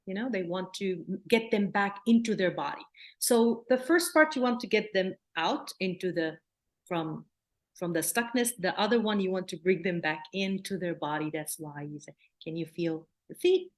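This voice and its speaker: A woman from Palestine, a clinical psychologist giving a workshop lecture in an earnest way, often repeating words and slipping into gentle soothing phrases. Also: mid-range voice, normal speed. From Palestine, raised in Jordan.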